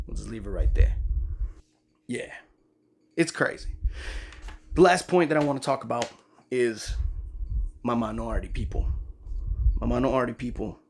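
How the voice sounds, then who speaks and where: A man who is a voice actor and the host of his own channel, giving emphatic, profane commentary to camera that swings between loud and soft. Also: medium pitch, gravelly.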